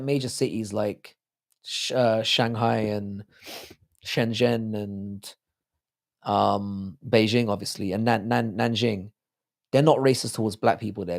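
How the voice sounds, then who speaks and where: A man's voice: medium pitch, gravelly, darkish tone. A man hosting a livestream, rambling profanely in casual chat and reading out viewer comments. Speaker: livestream host.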